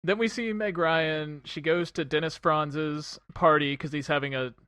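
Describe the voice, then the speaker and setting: A man's voice: fairly high pitch, fairly even intonation, a little slow, sharp tone, clear, resonant tone, no room sound, clean studio sound. A man co-hosting a film podcast in casual chat, sarcastic and swearing, mimicking movie lines as he goes. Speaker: podcast co-host.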